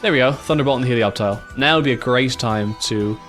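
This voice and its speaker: An Irish man giving casual, excitable gameplay commentary, swearing freely and thinking aloud as he plays. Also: medium pitch, fairly quick, faint music behind. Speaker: gaming YouTuber.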